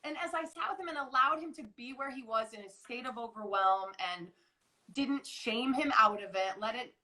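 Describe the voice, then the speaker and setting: A woman in her forties speaks in a slightly high, bright, forceful voice at a moderate pace, and the recording is rough. She's a guest coach chatting earnestly in a casual live interview over a video call, rambling, restarting often and acting out quotes of herself.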